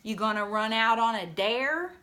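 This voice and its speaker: A woman's voice: fairly high pitch, animated, a little slow, pushed and bright. A woman reading aloud and voicing a small boy who patiently teases and dares his friend. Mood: teasing.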